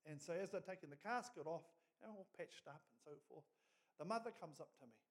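Animated New Zealand preacher, man. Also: a little high, fairly quick. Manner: animated, rising to loud emphatic peaks and dropping quiet for stories. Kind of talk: sermon storytelling.

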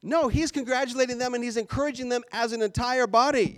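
A man from Canada preaching a sermon as pastor, animated and jokey with playful asides. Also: very high voice, quick pace, dry recording, clean studio sound.

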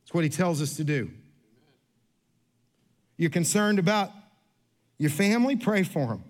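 A pastor with a notably high voice delivers his sermon in a loose storytelling mode. He is chatty and self-deprecating, restarts his sentences often, and acts out the people in his stories. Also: expressive, measured pace. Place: church sanctuary.

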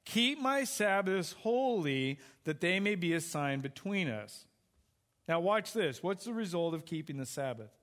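A man's voice: high-pitched, big pitch swings, unhurried, fairly bright tone. A middle-aged man preaching a sermon as pastor, conversational and full of questions to the congregation.

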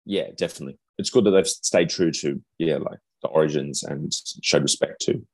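An easygoing Australian man co-hosting a podcast, full of relaxed agreement and casual asides. His voice is very low and a bit husky, recorded dry and close. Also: brisk, no room sound. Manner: easygoing, lots of "yeah" fillers. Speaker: podcast co-host. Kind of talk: casual chat.

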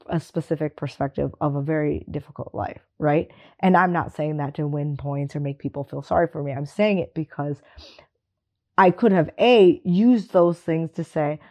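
A woman's voice: on the low side, a little mellow. A woman speaking bluntly and emphatically in candid conversation, swearing casually and laughing often. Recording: dull lo-fi recording.

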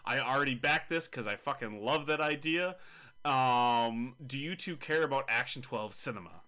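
Man, podcast host, bright voice, middle pitch, chatty, jokey, teasing. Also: moderate pace. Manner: chatty and jokey, teasing his co-hosts, with frequent laughs. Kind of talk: casual podcast chat about tabletop games.

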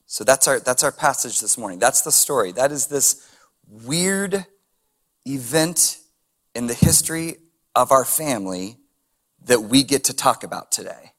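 A man's voice: medium pitch, animated, a little slow, fairly bright tone. A man preaching a sermon as a pastor, reading scripture and adding casual chuckling asides and rhetorical questions.

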